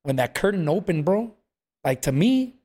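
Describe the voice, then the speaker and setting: A man's voice: sits high, normal speed. A man telling stories in a casual chat, acting out what people said. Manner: animated storyteller, acts out quotes, says "bro" a lot.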